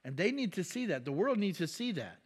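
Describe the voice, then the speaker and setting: Guy preaching, kinda high voice, talks with the crowd, gets loud and punchy on points. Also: very animated, a little fast, husky. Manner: conversational preaching with questions to the congregation. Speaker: pastor. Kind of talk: sermon.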